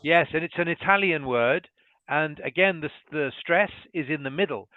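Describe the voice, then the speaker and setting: A British English teacher, a man, explaining pronunciation slowly and carefully over a video call. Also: on the high side, no room sound. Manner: slow, careful demonstration of each word. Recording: thin phone-like call audio.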